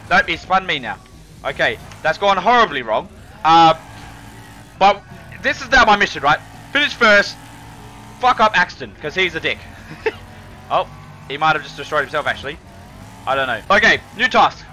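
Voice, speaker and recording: A young man, excitedly commentating his own car game, swearing and calling everyone mate. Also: on the high side, poor audio. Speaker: gaming video host. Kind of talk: casual gameplay commentary.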